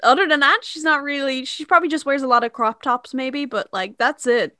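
Woman, high voice, dry close mic, casual film podcast, chatty, laughs a lot. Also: brisk, bright, forceful tone, dry recording. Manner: chatty, laughs often, trailing restarts. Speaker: podcast co-host.

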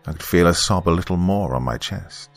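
A man narrating a first-person story in a subdued, measured way. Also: low-pitched. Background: faint music.

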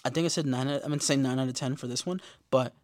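A man hosting a podcast, giving a casual, profane episode recap and quoting characters in animated bursts. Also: mid-range voice, fast, no echo, clean studio sound. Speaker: podcast host.

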